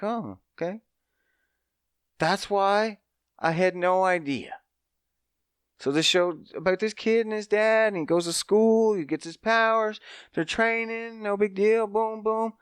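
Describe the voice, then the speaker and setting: Podcast guy ranting through a tv recap, smooth voice, dry close mic. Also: unhurried, no room sound. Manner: animated storytelling with mocking high-pitched asides and profanity. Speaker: podcast host. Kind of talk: casual podcast chat.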